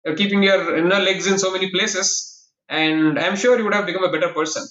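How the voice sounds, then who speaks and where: A man's voice: high voice, steady tone, fast, fairly bright tone. A man, a guest in an interview, who explains his points earnestly and stacks them in lists. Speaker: guest, professor and quiz master. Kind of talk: casual interview conversation. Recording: echoey, dull lo-fi call audio.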